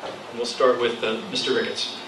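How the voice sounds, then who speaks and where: A man's voice: mid-range voice, little pitch movement, normal speed. A man moderating a public debate, announcing questions plainly. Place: public hall. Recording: echoey room from far off, clear noise.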